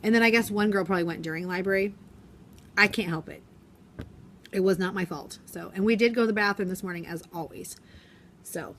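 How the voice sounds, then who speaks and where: A woman's voice: fairly low pitch, fairly bright tone. Young woman teacher, chatty classroom vlogger, faint hum of the room. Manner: chatty, rambling, acts out quotes in voices. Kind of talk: casual vlog chat. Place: school classroom.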